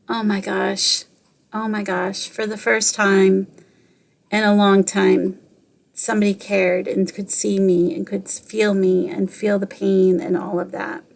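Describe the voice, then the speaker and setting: A woman's voice: medium pitch, gravelly. A middle-aged woman hosting a podcast, telling a personal story and giving motivational advice in an earnest way. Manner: earnest, repeats phrases, quotes others in her own voice. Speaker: podcast host.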